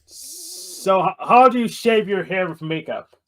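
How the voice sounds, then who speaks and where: A man's voice: high-pitched, lively intonation, unhurried, a bit bright. A man calling in to a live stream, chatting casually and playfully going along with the host's jokes. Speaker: caller. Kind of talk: casual chat.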